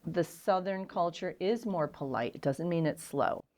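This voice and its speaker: Middle-aged lady guest telling blunt stories about herself, lower voice. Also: normal speed. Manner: frank, animated, self-deprecating storyteller. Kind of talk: candid storytelling interview.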